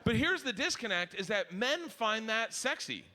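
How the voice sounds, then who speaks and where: A middle-aged man doing a crude stand-up comedy routine on stage, jumping between high and low voices as he acts out the people in his stories. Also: sing-song, moderate pace, pushed and bright. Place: comedy stage before a live audience.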